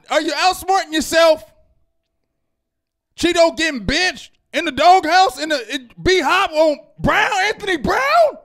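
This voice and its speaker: A man hosting a sports reaction show, ranting heatedly and yelling at times. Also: extremely high pitch. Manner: loud, fired-up, repetitive, yells at times. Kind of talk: heated fan rant.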